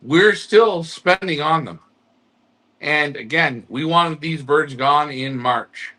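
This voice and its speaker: A man co-hosting a pigeon club show, calmly explaining delays to members, with rhetorical questions and a reassuring tone. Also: a little high, takes it slowly. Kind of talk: casual live-stream chat to club members.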